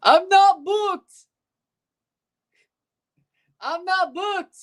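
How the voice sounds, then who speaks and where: A man putting on a bad Scottish accent as a shouting meme character, strained and high. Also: very slow, exaggerated voice. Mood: indignant. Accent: attempted Scottish.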